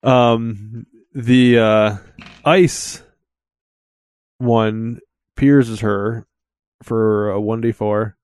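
Slow, halting young male game master. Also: lowish voice, little pitch movement, darkish tone, clear, resonant tone, no room sound. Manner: slow, halting, laughs often. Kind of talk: narrating a tabletop game.

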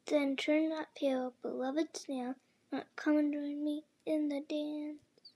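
A woman voicing the sorrowful male Mock Turtle in a storybook reading, slow and mournful. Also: sits high, level tone, dark tone. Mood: sad singing.

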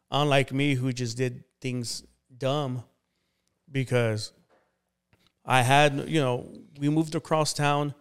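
A man's voice: medium pitch, clear, resonant tone. A man, a pastor and interview guest, telling his life story casually with many fillers. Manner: relaxed, conversational, many fillers like "you know".

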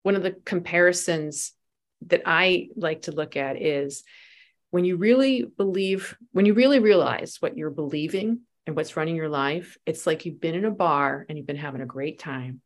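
A woman's voice: low-pitched, normal speed. A woman guest on a podcast, a spiritual teacher and life coach, telling personal stories in conversation and acting out the voices she quotes. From United States. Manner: animated storyteller, acts out quoted voices.

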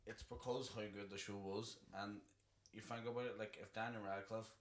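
Fella, bit low, umms and likes a lot, roomy echo and faint hiss. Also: male voice, level tone, brisk. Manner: hesitant, many fillers like "like". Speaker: podcast co-host. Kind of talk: casual chat.

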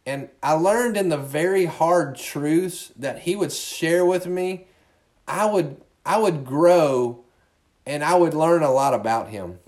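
Pastor guy preaching casual-like, kinda high voice, earnest, stumbles and repeats himself. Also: darkish tone. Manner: earnest, repeats words as he restarts. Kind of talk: conversational sermon.

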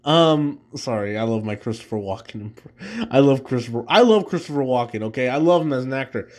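A man's voice: medium pitch, fast. A man hosting a casual solo show, ranking films in a rambling way with restarts and easy laughs. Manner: rambling, many fillers and restarts, laughs easily. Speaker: host.

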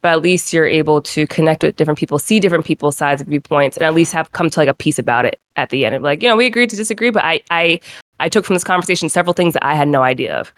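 Lively woman from New England chatting. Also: sits low, racing, no echo. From New England, Rhode Island. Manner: animated storyteller, playful put-on voices. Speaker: co-host. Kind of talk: casual chat.

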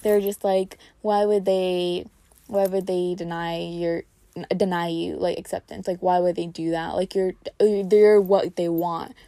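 A woman's voice: fairly low pitch, flat delivery, unhurried, dark tone, dry recording. A young woman telling a personal story in a casual vlog, full of "like" fillers. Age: young adult. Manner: chatty, heavy on "like" fillers. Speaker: incoming college student.

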